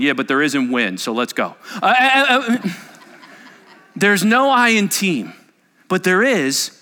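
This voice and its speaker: A man preaching a sermon as a pastor, animated and joking, with heavy emphasis. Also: sits high, long reverb tail.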